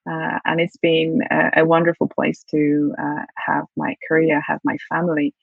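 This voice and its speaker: A woman's voice: low voice, little pitch movement, normal speed, gravelly, breathy edge, dry recording. Polish-born woman with British accent. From Poland. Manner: warm, reflective, restarts phrases often. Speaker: guest, CEO and leadership coach. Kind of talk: casual interview chat. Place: at home. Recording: dull, dry video call audio.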